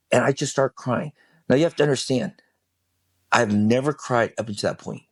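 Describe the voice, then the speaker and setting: Man, podcast guest, intense testimony, swears freely, mid pitch, dry close sound. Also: brisk, husky, dry recording. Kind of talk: personal testimony storytelling.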